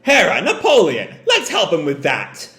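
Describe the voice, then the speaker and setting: A man's voice: fairly high pitch, wildly swooping pitch, normal speed, bright, forceful tone, full character voice. A man voicing a huge, menacing female pirate matriarch who cackles and mocks, read aloud from a comic. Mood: cackling. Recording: roomy echo.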